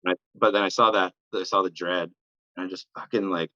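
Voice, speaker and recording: A man's voice: low-pitched, steady tone, fairly quick, sharp tone, no echo, dull audio. A young man telling a casual, rambling story as an interview guest, sprinkling "like" and swearing throughout. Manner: rambling, heavy use of "like" and swearing.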